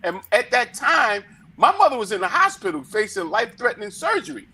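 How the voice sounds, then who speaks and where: A man co-hosting a talk show, arguing a point and telling a story in an animated way, swearing freely. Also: very high-pitched, fairly quick, gravelly, husky. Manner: animated, swearing, acts out quotes loudly. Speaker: podcast co-host. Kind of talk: heated debate, storytelling.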